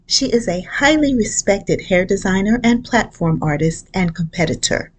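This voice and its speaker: A woman's voice: medium pitch, lively intonation, moderate pace. Woman reading a scripted introduction.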